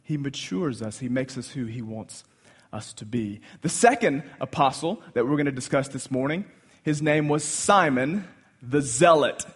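A man preaching a sermon, teaching through a list of names and swinging from quiet asides to loud, emphatic passages. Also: mid-range voice, moderate pace, slightly rough. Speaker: pastor.

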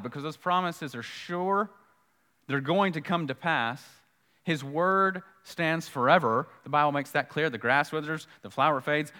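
A man's voice: a little high, pushed and bright, long reverb tail. A man preaching a sermon in a conversational way, repeating key points for emphasis and acting out the dialogue of scripture. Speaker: pastor.

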